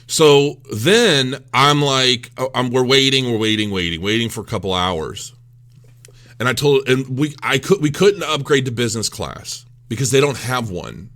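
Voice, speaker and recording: A man's voice: medium pitch, lively intonation, moderate pace, fairly bright tone. Self-mocking man rambling through a story. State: recovering from illness. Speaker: crypto vlogger. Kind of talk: casual storytelling vlog.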